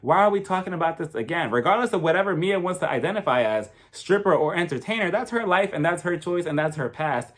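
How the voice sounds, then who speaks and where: Young male reviewer, slightly high voice with a very lively pitch. Gossipy, animated recap style. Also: fast, few pauses. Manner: animated, gossipy, acts out quotes. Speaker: reality TV reviewer. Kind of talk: casual recap commentary.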